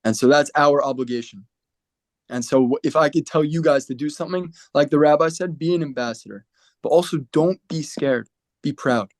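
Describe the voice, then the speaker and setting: A man's voice: a little high, normal speed, no room sound. A man speaking for a lone soldiers group in an impassioned talk over a video call, emphatic and defiant, repeating lines for force.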